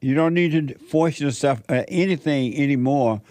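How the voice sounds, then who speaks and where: A man's voice: a little high, moderate pace, a little mellow, no echo. A middle-aged man hosting a call-in show, giving firm spiritual advice in short repeated commands. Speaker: radio call-in host giving life advice.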